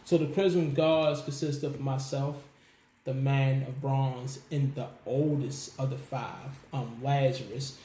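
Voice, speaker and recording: A man telling stories as a guest in a casual interview, animated, laughing often and acting out what people said. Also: mid-range voice, slow. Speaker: musician guest. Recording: echoey room with faint background noise.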